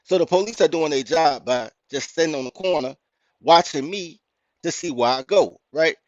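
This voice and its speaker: A man with a Chicago accent, hosting a podcast and telling a story in a blunt, profane, animated rant. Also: on the high side, normal speed, no echo. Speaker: podcast host. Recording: dry, muffled lo-fi audio.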